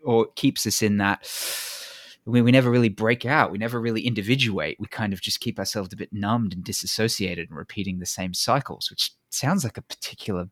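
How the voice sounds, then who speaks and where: A man's voice: fairly low pitch, brisk, dry recording, studio quality. A man hosting a podcast in casual conversation, talking in an earnest, reflective and openly enthusiastic way. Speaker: podcast host.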